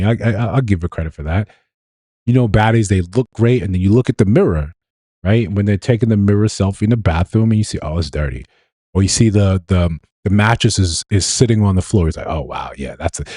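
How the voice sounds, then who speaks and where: A man's voice: lowish voice, darkish tone, no room sound, studio quality. A man hosting a livestream, giving an opinionated commentary monologue with emphatic repetition and rhetorical questions. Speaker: livestream host.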